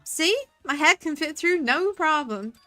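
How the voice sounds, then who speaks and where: A woman voicing a brash, athletic young gymnast girl in a put-on American accent, loud and carefree, for a game playthrough. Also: high-pitched, animated, measured pace, faint music behind, pitched above the performer's own voice, full character voice. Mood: boastful.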